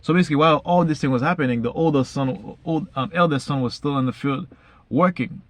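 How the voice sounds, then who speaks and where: A man reading Bible verses slowly, then retelling each one casually in everyday slang. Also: fairly high pitch, dry recording. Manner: frequent fillers and restarts, says basically a lot. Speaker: Bible reader and explainer. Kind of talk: casual Bible study talk.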